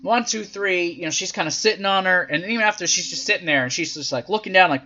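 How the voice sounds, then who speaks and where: A man's voice: sits high, fast, few pauses, muffled recording. A man hosting a podcast who recaps wrestling matches in a casual, profane and sarcastic way, acting out what the wrestlers said. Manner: profane, sarcastic, animated, acts out quotes in silly voices. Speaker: podcast host reviewing wrestling events.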